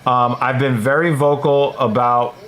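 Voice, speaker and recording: A man's voice: medium pitch, little pitch movement, a little slow, fairly bright tone. Male streamer answering chat, casual and blunt, mid-range voice, filler-heavy delivery. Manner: chatty, frequent fillers, blunt opinions. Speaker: livestream host reading chat. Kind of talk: casual livestream commentary.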